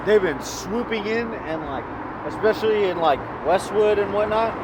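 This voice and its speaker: A man's voice: sits high, normal speed, very noisy. A young man ranting outdoors in a rambling, profane way, often repeating himself and restarting his sentences. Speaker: vlogger. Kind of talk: rambling rant.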